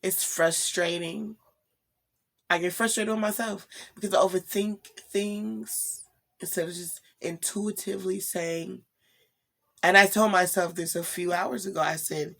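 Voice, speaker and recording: A woman's voice: lowish voice, measured pace, gravelly, a bit bright. A young woman vlogging casually late at night, tired and rambling, laughing often and asking "you know what I'm saying?". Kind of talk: casual spiritual vlog.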